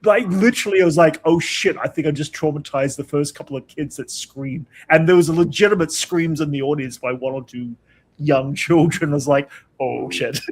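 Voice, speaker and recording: Guy chatting, tells stories and laughs lots, kinda high voice. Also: fairly quick. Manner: laughs often, animated storytelling. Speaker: guest. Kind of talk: casual storytelling chat.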